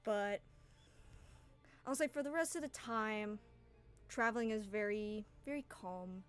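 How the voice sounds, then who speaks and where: A woman's voice: mid-range voice, a little slow, smooth, soft background music. A woman narrating a tabletop game as game master, in a casual, rambling way. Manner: casual, rambling, with fillers and laughs.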